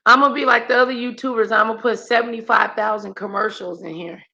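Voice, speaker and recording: Raspy, bright-voiced woman chatting. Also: a little high, steady tone, quick pace, muffled recording. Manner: loud playful banter, laughs often. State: raspy right now. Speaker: host. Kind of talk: casual chat.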